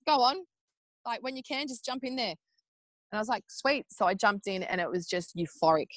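An Australian woman in her thirties tells a personal story as a podcast guest. She talks casually and animatedly, with plenty of fillers like "like" and "um", and she acts out other people's lines in raised voices. Her voice sits at a middle pitch, and the sound is dry and close. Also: animated, a little fast, a bit bright, dry recording. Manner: chatty with frequent fillers like "like" and "um".

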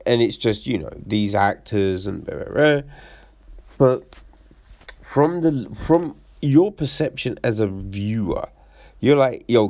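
Man, casual rant, gravelly voice, unhurried, dry close sound. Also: lowish voice, no echo. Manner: animated, swearing, acts out quoted lines. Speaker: reviewer. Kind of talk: casual commentary.

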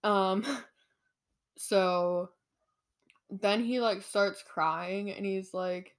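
A woman's voice: medium pitch, fairly even intonation, extremely slow, long pauses. A young woman chats about a book on a podcast with a friend. She leans on "like" and keeps slipping into the characters' voices as she retells scenes. Her laughter keeps breaking in. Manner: giggly, says "like" a lot. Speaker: podcast co-host. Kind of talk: casual book chat.

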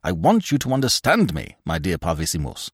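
A man voicing a heavy, cunning middle-aged theatre manager who leers and blusters, in a storybook reading with a lively, dry delivery. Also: lowish voice, moderate pace, no echo. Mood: blustering. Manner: leering, blustering, wheedling.

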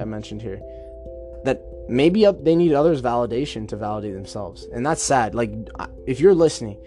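Man, mid-pitched, talking solo on a podcast, chatty and reflective, soft music faintly underneath. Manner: chatty, acts out imagined dialogue. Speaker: podcast host. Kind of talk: casual self-help monologue.

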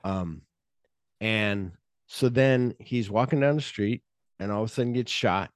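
A man talking through favorite movie moments on a podcast in a casual, excitable way. His voice sits a little low, and the close mic keeps it dry. His retellings are animated and full of quick asides. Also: no room sound. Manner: animated retelling, jumps into high-pitched quoted voices. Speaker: podcast co-host.

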